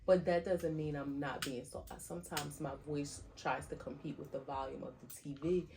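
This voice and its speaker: A woman co-hosting a podcast in casual chat, chatty and quick to laugh. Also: deep voice, fairly even intonation, creaky, noisy background. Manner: chatty, laughs easily, loud-ish. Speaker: podcast co-host.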